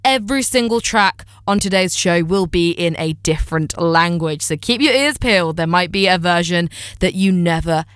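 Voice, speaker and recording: A woman's voice: lowish voice, normal speed, a bit bright, clear, resonant tone, no room sound, studio quality. A woman hosting a weekly radio music show, chatty, upbeat and self-deprecating. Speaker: radio host.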